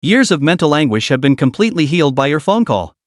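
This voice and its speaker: A man voicing a crowd of mocking, excitable livestream commenters. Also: a little high, fast, no room sound, clean studio sound. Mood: astonished. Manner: sneering, excitable. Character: jeering online livestream commenters, mocking and gleeful.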